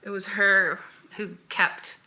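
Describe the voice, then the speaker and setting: Very bright woman telling a story casually. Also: medium pitch, slow, slight background noise, rough recording. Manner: lively storyteller, adds details and wry asides. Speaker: co-host. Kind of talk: casual chat while doing makeup.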